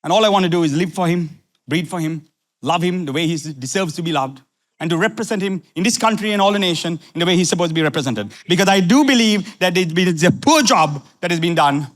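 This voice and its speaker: A middle-aged man from Sri Lanka preaching a sermon as pastor, repeating phrases and swinging from low asides to fiery questions. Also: fairly quick.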